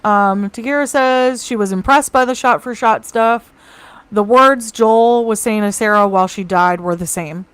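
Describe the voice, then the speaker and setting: A woman co-hosting a live show over a home mic, chatting casually and reading out viewer comments with quick asides. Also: fairly high pitch, clean tone, dry recording. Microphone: home mic on a video call.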